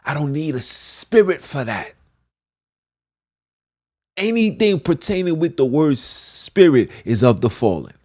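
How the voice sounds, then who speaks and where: A man's voice: a little high, very animated, a little slow, pauses often, darkish tone. A man preaching a fervent, repetitive monologue as a podcast host, slipping into archaic scripture phrasing.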